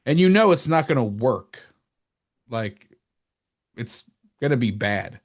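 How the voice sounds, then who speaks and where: Animated man in casual sports chat. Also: slow. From New Jersey. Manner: animated, rambling, jumps up in pitch when mocking. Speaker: podcast co-host.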